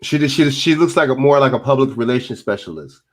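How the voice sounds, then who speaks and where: His mid-range voice is expressive and a little fast as he hosts a stream and reacts to clips. The commentary is casual, opinionated and profane, and he repeats himself when answering chat.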